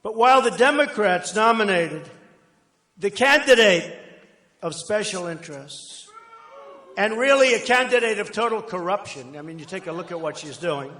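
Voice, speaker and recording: An older man giving a rambling, boastful campaign rally speech, conversational with sudden loud bursts. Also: high-pitched, expressive, normal speed. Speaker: political candidate at a rally. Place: large outdoor rally crowd. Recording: echoey rally PA with crowd ambience.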